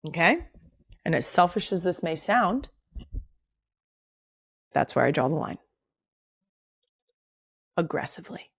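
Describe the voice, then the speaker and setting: A woman in her thirties hosting a podcast, talking casually and bluntly, swearing freely and getting animated when reading out segments. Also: lowish voice, no echo, studio quality. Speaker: podcast host.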